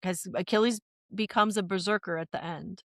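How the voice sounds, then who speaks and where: A woman chatting on a podcast, telling stories in a rambling, animated way with many restarts. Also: mid-range voice, moderate pace, dry recording, studio quality. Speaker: podcast guest. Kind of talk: casual podcast chat.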